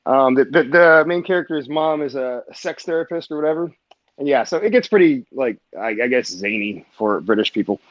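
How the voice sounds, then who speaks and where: A man's voice: medium pitch, lively intonation, a little fast, dry recording. A man in casual group chat, rambling with fillers and restarts. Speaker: group audio chat participant. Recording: slightly muffled lo-fi line.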